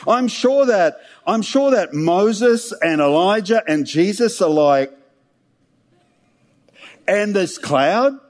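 A man's voice: high voice, expressive, slow pace, long pauses. A man preaching a sermon, retelling scripture in a conversational, humorous way.

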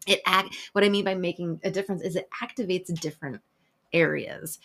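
A woman's voice: lowish voice, fairly even intonation, fairly quick, vocal fry, a bit bright. A woman who works as an emotional health specialist, talking casually about breathwork with lots of swearing, jokes and laughter. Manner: profane, playful, laughs often. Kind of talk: casual spoken talk.

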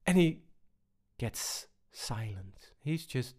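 A man giving a personal talk on balance, unhurried and full of pauses and restarts. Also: a little high, lively intonation. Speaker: speaker on balance.

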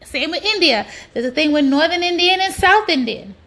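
A woman's voice: high voice, lively intonation, normal speed, sharp tone. A woman delivering a blunt, profane ranting monologue, hammering points with repetition. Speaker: social media commentator.

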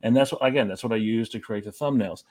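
A man's voice: fairly low pitch, fast talker, darkish tone. A man co-hosting a podcast, talking in casual banter with incredulous rants and lots of swearing. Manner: ranting, heavy swearing, incredulous outbursts. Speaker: podcast co-host.

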